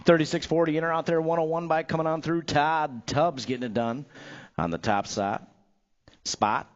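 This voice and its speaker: A man's voice: a little high, fairly even intonation, normal speed, lo-fi sound. A man calling a live bike race as the track announcer, upbeat and joking, giving riders playful nicknames.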